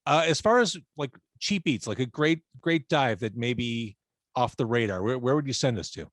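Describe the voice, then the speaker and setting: Man, podcast host, dry jokes, lively pitch, dead dry sound. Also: normal speed, no room sound. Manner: joking, dry asides. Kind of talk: casual interview chat.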